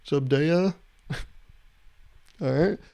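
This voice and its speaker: A man's voice: on the high side, extremely slow, creaky, warm tone. A young man hosting a solo podcast, talking in a loose, rambling, jokey way and chuckling at his own bits. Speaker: podcast host.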